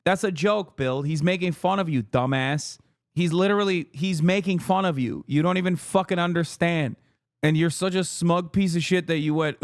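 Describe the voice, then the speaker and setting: Profane, animated male streamer. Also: on the high side, moderate pace, dry recording, studio quality. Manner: animated, profane, bursts of loud laughter. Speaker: streamer reacting to a clip. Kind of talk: casual live-stream commentary.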